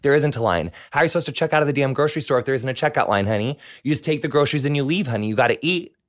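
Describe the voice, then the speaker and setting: A man's voice: medium pitch, racing. A man hosting a podcast, talking in a gushing, campy, playful way, full of "like" and "honey". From United States. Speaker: podcast host. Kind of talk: casual chat.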